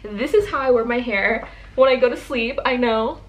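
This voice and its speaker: A woman's voice: on the high side, normal speed. A young woman vlogging casually at her table, bubbly and chatty, laughing often and filling with "like" and "um". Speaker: book vlogger. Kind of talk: casual morning vlog. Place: indoors at a table by a window.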